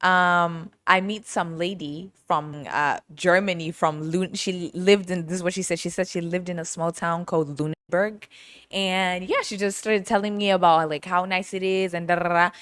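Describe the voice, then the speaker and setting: A woman hosting her own podcast, telling a story in a chatty, animated way with lots of asides. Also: lowish voice, moderate pace, clear, resonant tone, dry recording. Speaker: podcast host. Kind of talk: casual storytelling monologue.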